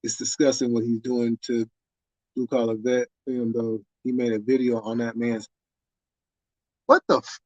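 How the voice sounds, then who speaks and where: A man's voice: medium pitch, little pitch movement, normal speed, long pauses, dry recording, muffled recording. A man hosting a livestream, chatting with viewers in a loose, rambling way full of cursing. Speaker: livestream host. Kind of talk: casual livestream chat.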